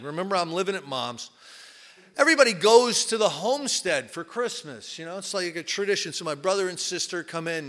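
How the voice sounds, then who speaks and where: A man from New Jersey shares his story at a recovery meeting. His voice sits high and sounds bright and forceful. He talks candidly and rambles, with plenty of fillers and repeated words. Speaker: recovery speaker. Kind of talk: personal testimony talk.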